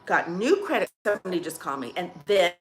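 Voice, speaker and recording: A woman with a lowish voice, big pitch swings, and a quick pace hosts a casual coffee-chat vlog, with a little hiss or hum in the recording. Chatty and rambling, she tells her viewers stories, restarting sentences and letting them trail off.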